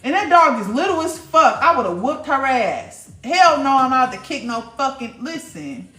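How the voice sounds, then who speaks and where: A woman's voice: high-pitched, sing-song, moderate pace, hardly any pauses, sharp tone, roomy sound, faint music behind. A woman hosting a casual livestream, talking bluntly and profanely straight to her viewers in the chat. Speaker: livestream host.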